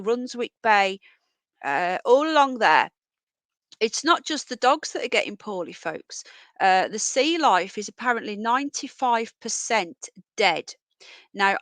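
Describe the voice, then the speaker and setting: A woman's voice: a bit bright, no room sound. Chatty woman on a livestream. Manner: chatty, calling pets in a high singsong voice. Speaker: livestream host. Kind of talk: casual livestream chat. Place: home, indoors. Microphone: earphones with mic.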